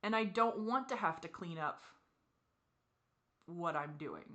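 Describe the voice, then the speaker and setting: A woman venting in a personal confessional vlog, teary and frustrated, with sighs and soft muttered asides. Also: fairly low pitch, lively intonation, measured pace. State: teary, crying. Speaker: vlogger.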